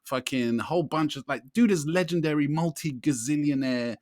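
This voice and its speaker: A man, co-hosting a podcast and telling a long story in a lively way, often asking "you know what I mean". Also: fairly high pitch, fairly quick, dry recording, studio quality. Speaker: podcast co-host. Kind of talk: casual storytelling chat.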